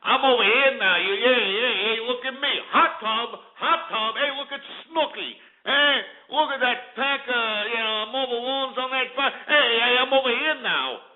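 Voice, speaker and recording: Host doing a brash show-off guy, loud, pitched up, lo-fi. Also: normal speed, hardly any pauses. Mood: boastful. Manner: loud, boastful, attention-seeking. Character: brash young male reality-show show-off. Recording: lo-fi phone-like radio archive.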